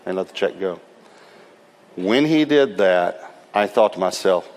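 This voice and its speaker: A man with a fairly low voice preaches a sermon as a lively storyteller, acting out what others said. His voice rings with the long reverb of a large church hall. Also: unhurried. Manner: lively storyteller who acts out quotes and laughs. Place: church service.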